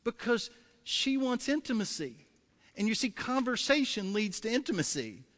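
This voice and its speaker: High, bright-voiced male pastor preaching. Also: big pitch swings, normal speed, long reverb tail. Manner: emphatic, repeats key phrases, acts out voices. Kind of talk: sermon.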